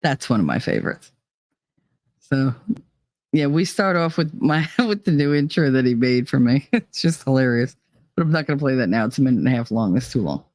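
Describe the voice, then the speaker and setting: A woman's voice: extremely low pitch, animated, brisk, darkish tone, no echo. A woman hosting a casual chat show, talking bluntly with frequent swearing and laughter. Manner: blunt and profane, laughs often. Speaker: host.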